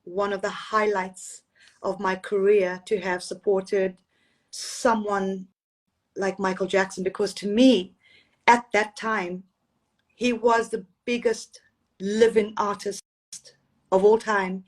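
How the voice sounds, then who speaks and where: A woman at a middle pitch tells stories from her career in an easy, chatty way and laughs often. She sounds relaxed and open, as if talking on a video call. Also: takes it slowly. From Zambia and Zimbabwe. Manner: warm, storytelling, laughs often. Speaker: interviewed singer. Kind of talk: casual interview.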